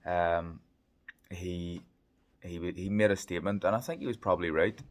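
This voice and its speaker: A man with a very low voice talks through a boxing fight in a casual vlog from a hotel room. He is chatty and thinks aloud as he goes, with plenty of ums along the way. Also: fairly even intonation, normal speed. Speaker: boxing pundit.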